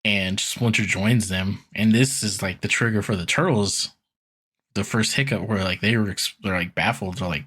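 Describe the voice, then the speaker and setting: A man's voice: lowish voice, normal speed, fairly bright tone, slightly rough. A man co-hosting a podcast, casually retelling a cartoon episode in a rambling way with lots of fillers and acted-out quotes. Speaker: podcast co-host recapping an episode. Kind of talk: casual chat, animated retelling.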